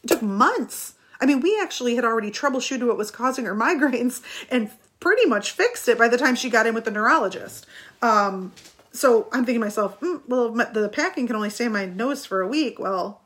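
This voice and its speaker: A middle-aged woman talking to her viewers, recounting a personal story in an animated, chatty way and laughing now and then. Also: on the high side, a little fast. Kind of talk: casual storytelling.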